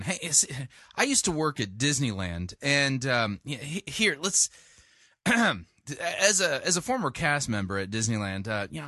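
A man's voice: mid-range voice, bright, forceful tone, no room sound, clean studio sound. A man hosting a commentary show, sarcastic and playful as he reacts to clips. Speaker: podcast host.

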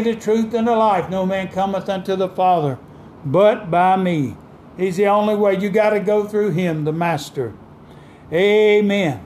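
Male preacher, pitched high, fervent and emphatic, pauses for effect, light background hum. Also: a little mellow. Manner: fervent, call-and-response preaching; dramatic pauses and emphatic quoting of scripture. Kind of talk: sermon.

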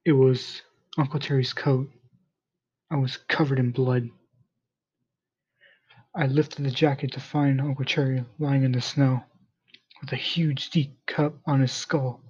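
A man reading a first-person story aloud in a plain, steady manner, in a dull lo-fi recording. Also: mid-range voice, unhurried, long pauses, husky.

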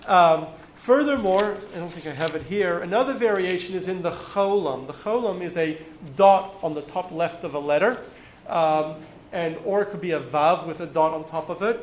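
A man teaching a class, explaining patiently with frequent ums and pauses. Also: high voice. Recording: echoey room with faint noise.

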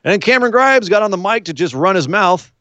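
A man co-hosting a casual wrestling recap, rambling and animated, often acting out what the wrestlers said. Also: sits high, brisk, dry recording, muffled recording. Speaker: wrestling podcast co-host.

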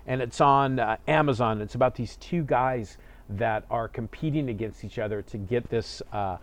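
A man co-hosting a relaxed podcast, talking in an easy, jokey way. His pitch sits in an ordinary middle range, and he keeps the conversation light and friendly. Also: moderate pace. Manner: jokey, slips into playful put-on old-timey voices. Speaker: podcast co-host. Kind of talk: casual chat.

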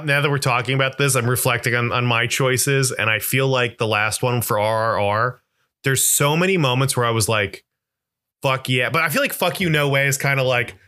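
A man with a bright, sharp-edged voice chatting casually about movies on a podcast. He rants with plenty of swearing, and his voice climbs steeply whenever he gets worked up. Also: mid-range voice. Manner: animated, profane ranting, voice jumps up when worked up. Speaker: podcast co-host.

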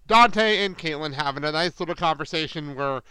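A man's voice: a little high, normal speed, clear, resonant tone, no echo, low-quality recording. A man co-hosting a casual movie podcast, joking and laughing often as he talks. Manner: laughs often, jokey and animated. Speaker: podcast co-host.

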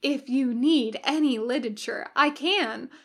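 A woman reading a story aloud, voicing a gentle, bookish male angel with a prim, fluttery manner. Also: sits high, a little slow. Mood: earnest.

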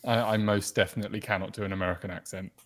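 A man chats on a podcast in a fairly low voice, reflective and quick to laugh. He draws out his phrases as he talks. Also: steady tone, fairly bright tone. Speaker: podcast co-host. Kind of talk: casual chat.

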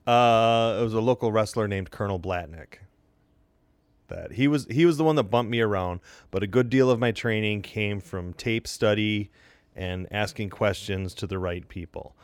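A man's voice: on the low side, normal speed, clear, resonant tone, no room sound. A man co-hosting a casual chat, adding dry asides and corrections.

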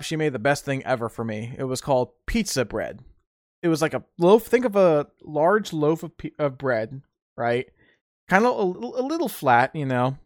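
A man's voice: on the high side, no echo, clean studio sound. A man hosting a solo podcast, telling casual stories and rambling, often repeating and restarting his words. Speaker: podcast host.

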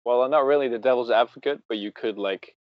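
A man chatting casually, full of fillers and quick laughs. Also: medium pitch, no room sound. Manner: filler-heavy, laughs often. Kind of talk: casual chat. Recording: dry, dull lo-fi audio.

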